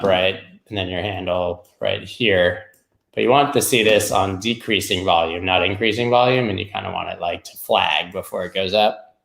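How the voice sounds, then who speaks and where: Gravelly, roomy-sounding male market host. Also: lowish voice, fairly bright tone. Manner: rambling, irreverent, jokey asides. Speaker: crypto market show host. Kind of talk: casual live chart analysis.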